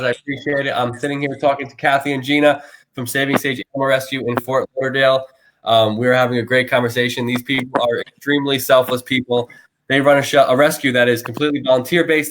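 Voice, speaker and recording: A man hosts a live-stream chat in a loose, joking way and teases his guests as he goes. His voice sits at a middling pitch, and a faint hiss runs underneath it. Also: steady tone, fast. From Tampa area, Florida. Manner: teasing and joking. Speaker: host of a live-stream interview show.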